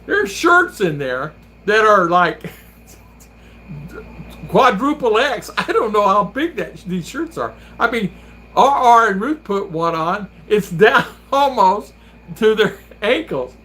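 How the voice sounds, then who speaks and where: A man's voice: high-pitched, big pitch swings, measured pace, pushed and bright. A man hosting a vlog, chatting casually and telling rambling stories while laughing often. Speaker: vlogger and host. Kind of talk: casual chat.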